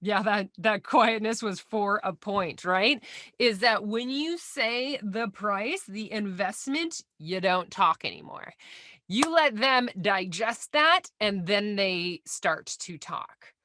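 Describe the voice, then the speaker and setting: A woman's voice: medium pitch, animated, slow pace, bright, forceful tone, no room sound, studio quality. A woman hosting a solo podcast, chatty and encouraging as she gives sales coaching.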